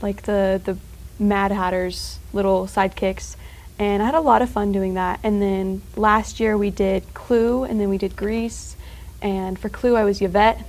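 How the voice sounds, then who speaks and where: A woman's voice: mid-range voice, fairly even intonation, a little mellow, poor audio. Chatty young woman who rambles happily. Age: teens. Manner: rambling, full of filler words and quick laughs. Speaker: student guest. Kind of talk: casual chat.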